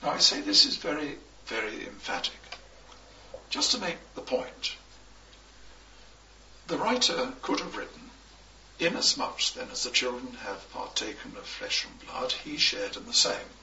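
A man preaching a sermon, slow and emphatic, with measured pauses between phrases. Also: mid-range voice, very animated, pushed and bright, slight background noise. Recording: echoey, distant, dull recording.

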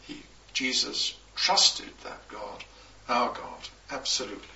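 A man preaching a sermon, slow and emphatic, with measured pauses between phrases. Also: mid-range voice, gravelly, pushed and bright. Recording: echoey, distant, dull recording.

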